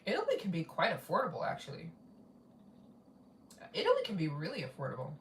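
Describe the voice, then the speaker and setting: Woman, travel vlogger, rambling live-stream host, lowish voice, roomy room sound. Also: wildly swooping pitch, quick pace, far from the mic, a little hiss or hum. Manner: rambling, repeats herself, reads out donations. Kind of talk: casual live-stream chat.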